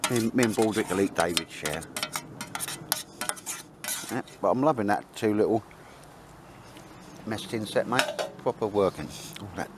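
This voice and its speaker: A man's voice: on the low side, unhurried, long pauses, background noise. A man chatting casually to the camera while cooking outdoors, rambling and bantering with lots of tag questions. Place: outdoors in woodland.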